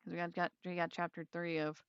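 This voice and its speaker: A woman's voice: on the low side, monotone, fairly quick, clean tone, no room sound, dull audio. A woman reading a mystery novel aloud, with casual chatty asides to her listeners. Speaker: reader.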